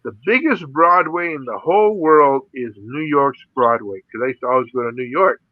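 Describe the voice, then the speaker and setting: A middle-aged man from the Philippines, a radio DJ appearing as an interview guest, casually tells his stories, laughing often and saying "you know" a lot. His medium-pitched voice moves at a moderate pace, in a dry recording with narrow, tinny audio.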